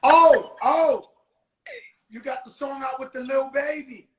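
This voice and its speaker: A man's voice: extremely high pitch, steady tone, slow, reverberant, noisy background. A man hosting a casual interview over a video call, a little tipsy, joking loosely with plenty of cursing. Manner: loose, joking, profane street talk. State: tipsy from drinking. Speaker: host.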